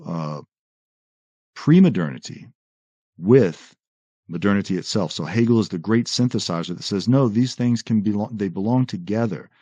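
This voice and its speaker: A man explaining philosophy in a conversational lecture, quoting texts and often pausing on "uh" and "right?". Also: fairly low pitch, husky, dry recording, dull audio. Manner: animated explainer, quotes texts, frequent "uh" and "right?". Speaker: podcast guest explaining philosophy.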